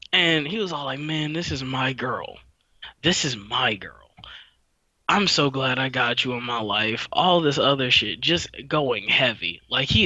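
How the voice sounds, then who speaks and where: A man's voice: fairly high pitch, bright, forceful tone, dry recording, dull audio. A young man hosting a podcast, telling a rambling, profane story in a laid-back, casual way. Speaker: podcast host.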